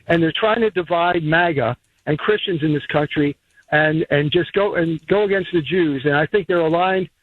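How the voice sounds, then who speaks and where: A man's voice: on the high side, moderate pace, no room sound. A man from Rhode Island calling in to a radio show, rambling through his points with restarts. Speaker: caller. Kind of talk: call-in radio talk. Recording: tinny phone line.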